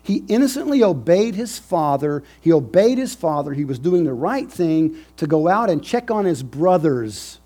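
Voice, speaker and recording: Husky warm-voiced preacher with faint music. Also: male voice, fairly high pitch, big pitch swings, normal speed, hardly any pauses. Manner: emphatic, repeats key phrases, swings from loud to hushed. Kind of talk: sermon.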